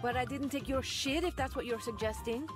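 A woman voicing a brash young hotel maid in a video game, defensive and quick to swear. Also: high voice, lightly acted. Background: game music.

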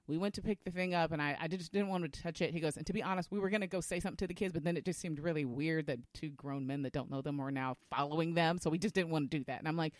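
Animated storytelling woman. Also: low voice, fast talker, no room sound, clean studio sound. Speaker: podcast co-host. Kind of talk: casual conversation.

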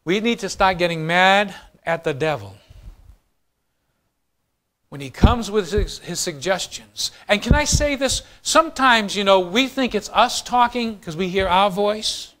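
A man preaching a sermon as pastor, swinging from quiet, low lines to fast, loud bursts. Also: animated.

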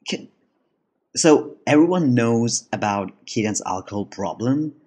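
A man's voice: mid-range voice, expressive, a little slow, darkish tone, husky. A man narrating a casual voice-over about his comic story, rambling, laughing often and restarting his sentences. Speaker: comic artist and channel host.

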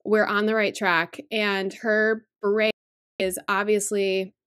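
A woman's voice: mid-range voice, flat delivery, slow pace, fairly bright tone, smooth. Earnest, chatty woman vlogger. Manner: chatty, earnest, with fillers and restarts. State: emotional, holding back tears. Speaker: budgeting channel host. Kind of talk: casual vlog talk.

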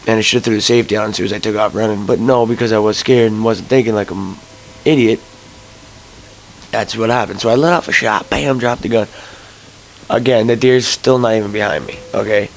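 A young man telling a rambling story to camera, early in the morning, swearing and jumping to high yelps when he gets excited. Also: a little fast, creaky, slight background noise, rough recording. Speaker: vlogger.

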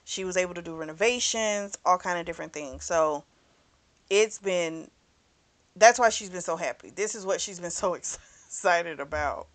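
A woman's voice: fairly low pitch, moderate pace. A woman hosting a book club channel, chatting through a novel's plot casually and acting out the characters' lines as she goes. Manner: swears freely.

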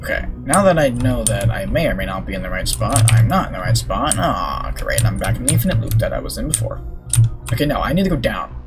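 A young man giving excitable let's play commentary, talking to himself and swearing at the game. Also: on the low side, quick pace. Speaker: gaming YouTuber. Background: game music.

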